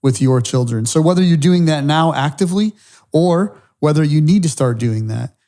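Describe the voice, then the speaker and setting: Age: middle-aged. Sex: man. Tone: mellow and dark. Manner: reflective and earnest, with restarts. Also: on the high side, lively intonation, normal speed. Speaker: podcast co-host. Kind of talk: faith-based men's podcast talk.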